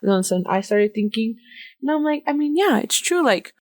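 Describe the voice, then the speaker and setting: A woman's voice: fairly high pitch, animated, fast talker, no room sound. A woman in her late twenties hosting her own podcast in casual chat, emotional and laughing through tears, now and then dropping into Spanish. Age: 20s. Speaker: podcast host.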